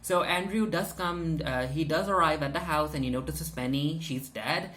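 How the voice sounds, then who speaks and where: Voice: mid-range voice, moderate pace, a bit bright. A reviewer giving a chatty, casual episode recap, full of fillers and acted-out character lines. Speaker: TV show reviewer.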